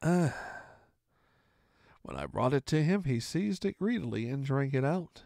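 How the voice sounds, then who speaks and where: A man's voice: mid-range voice, very animated, a little slow, creaky, a little mellow, no room sound, studio quality. A man reading a classic adventure novel aloud, narrating expressively in the first person. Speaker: storyteller.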